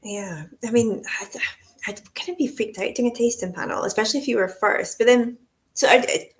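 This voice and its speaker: A woman's voice: fairly high pitch, fairly quick. Casual woman host. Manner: casual, filler-heavy questioning. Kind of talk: casual chat.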